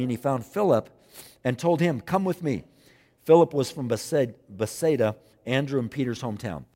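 A man's voice: medium pitch, a little mellow. A man preaching a sermon, acting out scripture dialogue with dramatic repetition. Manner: dramatic, acts out scripture dialogue, repeats phrases. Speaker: pastor. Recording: long hall reverb.

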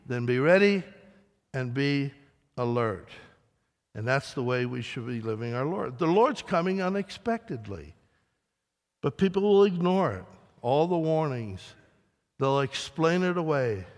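Emphatic preacher man in echoing hall. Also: a little high. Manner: emphatic preaching with dramatic rises and soft drops. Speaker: pastor. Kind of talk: sermon. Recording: long reverb of a large hall.

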